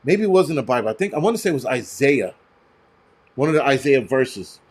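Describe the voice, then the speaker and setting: A man's voice: medium pitch, very animated, a little fast, husky. A man who works as a firefighter hosts a livestream, ranting bluntly and profanely and telling stories from work. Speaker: host and firefighter. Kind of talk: livestream rant and storytelling.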